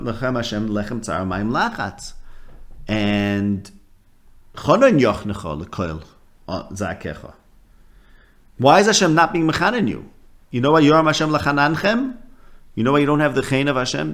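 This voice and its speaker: A man teaching a casual Torah lesson, talking in a conversational way that mixes Hebrew terms into English, with frequent ums and restarts. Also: mid-range voice. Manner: animated, voicing quoted speakers.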